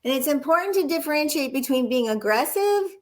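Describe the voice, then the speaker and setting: A woman's voice: high-pitched, animated, fairly quick. A woman who teaches nursing, talking earnestly in an interview and illustrating her points with short acted-out examples. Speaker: nursing educator and guest. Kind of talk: conversational interview, storytelling.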